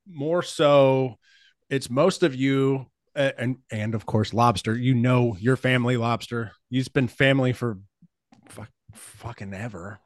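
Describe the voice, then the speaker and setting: A man in his forties hosting a podcast, talking in a relaxed, rambling way and laughing easily with family and friends. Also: mid-range voice, no echo. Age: 40s. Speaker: podcast host. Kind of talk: casual chat.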